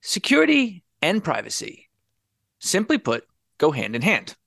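Lively, sarcastic man hosting a podcast. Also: fairly high pitch, measured pace, creaky, dry recording, studio quality. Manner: wry, sarcastic, lively delivery. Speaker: podcast host. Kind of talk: casual podcast chat.

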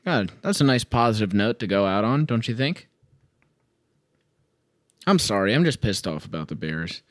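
A man's voice: fairly low pitch, sing-song, normal speed, no room sound, studio quality. Sarcastic, swearing man ranting on a podcast. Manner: sarcastic, profane and exasperated. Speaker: podcast host. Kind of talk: solo sports reaction rant.

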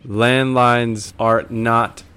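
A man's voice: medium pitch, flat delivery, very slow, bright, forceful tone, a little hiss or hum. A man appearing as a podcast guest in casual chat, playful and teasing.

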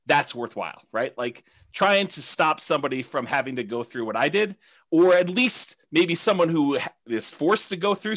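A man teaching a real estate investing class, talking candidly in a halting way with many restarts and fillers. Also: on the high side, fairly bright tone.

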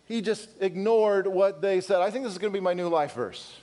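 A man's voice: high voice, lively intonation, brisk, few pauses, darkish tone. A male pastor preaching a sermon, firing rhetorical questions and speaking candidly to his congregation in conversational asides. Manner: emphatic, full of rhetorical questions.

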